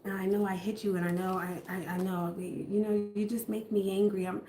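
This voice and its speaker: A woman's voice: mid-range voice, little pitch movement, brisk, dark tone, a little hiss or hum, close to an everyday voice. A woman plays a controlling, abusive man who swears freely and blames his partner for everything. The voice rings in a roomy space with noticeable echo. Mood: coaxing, manipulative. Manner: profane, blaming, self-pitying rants.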